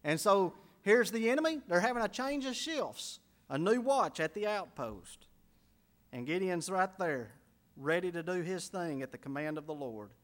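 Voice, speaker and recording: Male pastor, high-pitched, folksy storytelling sermon delivery. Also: expressive, moderate pace. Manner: folksy storytelling preacher, drops to quiet for emphasis.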